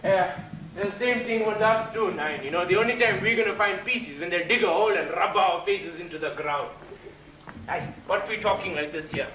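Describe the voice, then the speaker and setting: A man's voice: high-pitched, moderate pace, bright, forceful tone, slight background noise. An actor playing a chatty working man who tells a funeral story on a theatre stage, often adding 'you know' and 'man'. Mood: storytelling. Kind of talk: stage play performance. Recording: echoey hall, distant mic.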